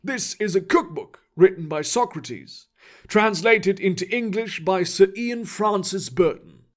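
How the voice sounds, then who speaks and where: A man's voice: sits high, a little slow. A man doing a wry ancient librarian. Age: older. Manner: calm, amused and knowing.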